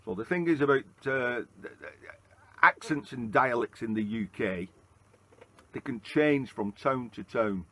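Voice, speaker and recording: A man's voice: medium pitch, lively intonation, unhurried, fairly bright tone. A man from Lancashire with a Lancashire accent, telling a rambling travel-vlog story on a town street and in a pub, with plenty of "uh"s along the way. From Lancashire, England. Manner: chatty, rambling storyteller with frequent "uh"s. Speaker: travel vlogger. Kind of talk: casual walking vlog narration. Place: outdoors on a town street, then inside a pub.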